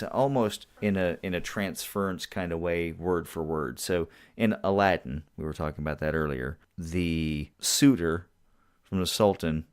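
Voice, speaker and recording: Very deep-voiced man, animated chat. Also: clear, resonant tone. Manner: animated, quick, laughs at own jokes. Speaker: podcast co-host. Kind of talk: casual chat.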